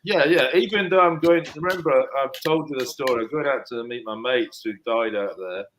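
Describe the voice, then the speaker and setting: A man's voice: mid-range voice, fairly quick, a bit bright, slight background noise, low-quality recording. A man in his fifties, telling a story in casual chat and hamming it up for effect. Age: 50s. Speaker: panel guest.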